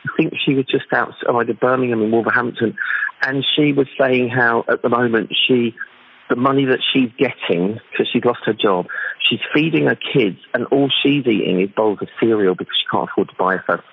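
Gravelly man on a phone-quality line. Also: mid-range voice, a little fast, slight background noise. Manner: chatty, often asks "you know what I mean". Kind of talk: casual conversation. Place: London.

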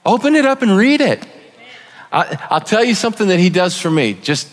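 A man preaching as a guest speaker, conversational and joking, with sudden loud emphasis. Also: high voice, sing-song, normal speed. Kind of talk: sermon. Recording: long reverb of a large hall.

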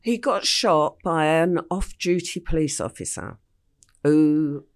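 A woman's voice: low-pitched, takes it slowly, clear, resonant tone. Older English woman telling a vivid story. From England. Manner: vivid storyteller, acts out quotes. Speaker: guest. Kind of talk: storytelling interview.

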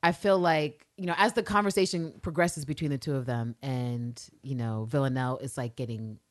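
A woman's voice: a bass voice, steady tone, normal speed. A woman in casual TV review chat, animatedly acting out characters' lines and swearing freely. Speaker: podcast co-host.

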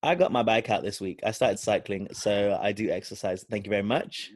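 A man's voice: fairly low pitch, brisk, dry recording. A man co-hosting a podcast, trading teasing banter in casual chat. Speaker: podcast co-host.

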